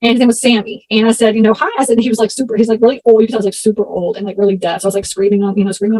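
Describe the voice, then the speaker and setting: A woman from Texas, in her thirties, telling stories as an interview guest in a chatty, animated way. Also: mid-range voice, racing, few pauses, no echo, poor audio. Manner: chatty, animated, acts out voices in anecdotes. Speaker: interview guest, storage investor. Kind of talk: casual interview storytelling.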